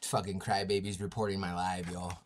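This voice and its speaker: On a casual live stream recorded with a home streaming mic, an Indigenous North American man trash-talks in a brash, profane way and laughs often. His voice is deep with little pitch movement, and he talks a little fast.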